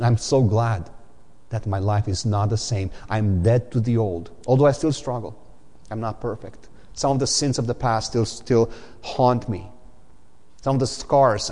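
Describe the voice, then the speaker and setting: Middle-aged male pastor, emphatic Sunday sermon, repeats key points, long church-hall reverb. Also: on the low side. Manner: emphatic and repetitive, quoting scripture with lively vocal swings.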